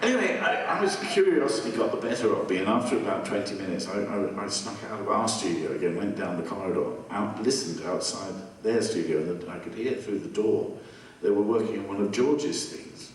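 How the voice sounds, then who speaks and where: An older man with an English accent, a guest musician telling animated stories and acting out the voices of people in them. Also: on the low side, fairly quick, few pauses. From England. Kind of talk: anecdotal storytelling. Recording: distant mic with noisy ambience.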